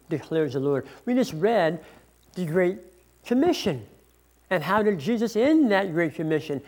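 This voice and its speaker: A pastor preaching a sermon, reading scripture passages aloud with emphasis and explaining them. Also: mid-range voice.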